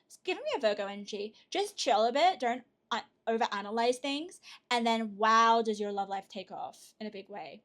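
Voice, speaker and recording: A woman giving a pick-a-card tarot reading to her viewers, chatty and excitable, with frequent fillers and restarts. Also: on the high side, normal speed, few pauses. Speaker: tarot reader.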